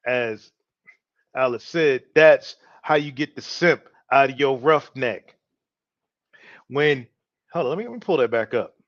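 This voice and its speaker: A man's voice: medium pitch, animated, a little slow, pauses often, no room sound. A man hosting an opinion show, talking loosely and with swagger straight to his listeners. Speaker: podcast host. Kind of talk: casual opinion talk. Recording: dry, dull lo-fi home mic.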